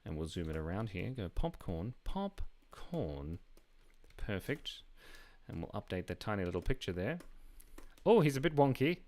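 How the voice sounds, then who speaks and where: A man's voice: fairly low pitch, very animated, unhurried, pauses often, darkish tone. A man hosting a live drawing stream, chatting casually and playfully while reading viewer comments aloud. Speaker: live-stream artist host.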